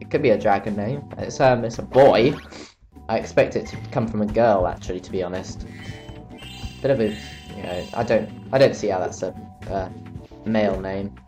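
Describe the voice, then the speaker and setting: A tired young man plays a video game and rambles through casual, self-mocking let's play commentary. His voice is on the low side with a darkish tone.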